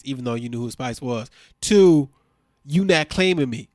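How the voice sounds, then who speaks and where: A man's voice: on the high side, animated, normal speed, no echo, studio quality. A man co-hosting a podcast, recapping a reality show in casual chat, exasperated and laughing often.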